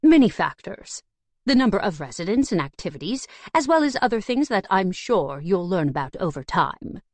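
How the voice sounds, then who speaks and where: A woman's voice: medium pitch, big pitch swings, normal speed, a little mellow, no room sound, voice pushed up. A woman voicing a stuffy, posh male butler who speaks in a formal, refined way. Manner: formal, clipped and proper.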